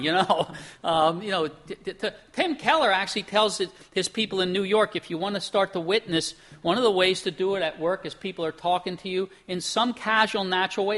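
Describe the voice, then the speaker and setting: High-voiced pennsylvania guy preaching, bright forceful tone, chatty w lots of questions to the pews. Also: brisk. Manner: conversational preaching with rhetorical questions, acts out quotes; repeats words as he restarts. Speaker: pastor. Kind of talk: sermon.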